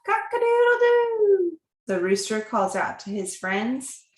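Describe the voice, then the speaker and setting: A woman reading picture books aloud to a child, slow and animated, with animal sounds. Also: mid-range voice. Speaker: reader to a child. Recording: echoey room.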